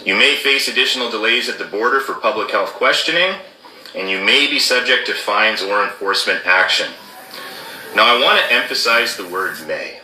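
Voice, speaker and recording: A man's voice: fairly low pitch, normal speed, roomy sound, background noise. A man explaining rules in an emphatic commentary, stressing key words and checking in with "okay?". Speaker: former border officer commentator.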